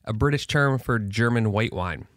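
Guy in the studio, kinda low voice, blunt, dry mic. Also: normal speed, fairly bright tone, dry recording. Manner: blunt, squeamish reactions. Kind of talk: casual chat. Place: recording studio.

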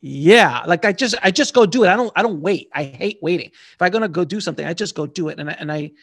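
Author guest, man, gravelly voice that sits a bit high, lively anecdotes in a dry close sound. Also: quick pace, no echo. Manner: animated, slangy storyteller. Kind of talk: casual interview storytelling.

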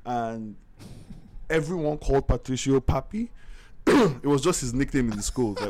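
Guy, podcast host, spins anecdotes with loud laughs and slang, medium voice. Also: mid-range voice, normal speed, slight background noise. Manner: animated, laughs often, lots of slang. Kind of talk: casual storytelling chat.

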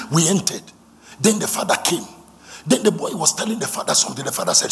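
A man's voice: on the high side, sing-song, fast talker, a bit bright. A man preaching a sermon, fervent and repetitive, leading the congregation in call-and-response.

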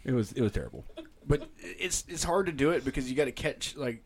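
A man with a Southern accent banters on a casual podcast, laughing often between jokes. His pitch moves around a lot as he talks, sitting in the middle for a man. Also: lively intonation, a little fast, gravelly, darkish tone, breathy edge. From South Georgia, US. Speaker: podcast co-host. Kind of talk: casual chat.

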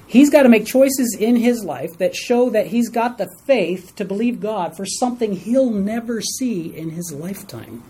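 A man's voice: sits high, lively intonation, moderate pace, few pauses, mellow, slightly rough, low-quality recording. A man leading a Bible study lesson for a small group in a room, stressing key words and asking the group questions.

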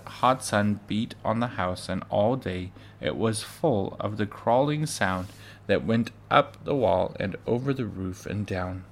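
A man reading a children's book aloud, measured and with occasional stumbles. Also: on the low side. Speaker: reader.

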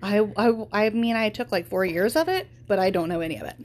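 A woman's voice: mid-range voice, big pitch swings, fairly quick. A woman co-hosting a podcast, chatting casually with jokey enthusiasm. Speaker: podcast co-host. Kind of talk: casual chat.

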